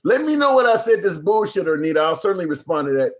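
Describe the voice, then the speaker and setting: A man hosts a casual live-stream chat, his voice sitting a little high for a man. He talks loosely and conversationally, stopping to read viewer comments aloud. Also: big pitch swings, fast. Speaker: show host.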